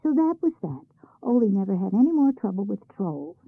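A woman narrates a folk tale with an expressive, lively read. Her voice is husky with a gravelly edge. It sounds dry and tinny, like it comes through a phone line. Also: mid-range voice, fairly quick, no room sound. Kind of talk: storybook narration.

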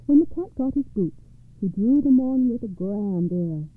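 Brief: female storyteller reading fairy tales, slightly high voice, tinny phone-like audio. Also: animated, moderate pace, no echo.

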